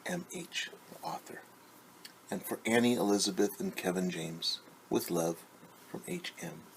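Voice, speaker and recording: Slow gravelly teacher reading aloud. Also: male voice, lowish voice, very animated, slight background noise. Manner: gentle, hushed, often drops to a whisper; explains new words simply. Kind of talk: reading a picture book aloud to children.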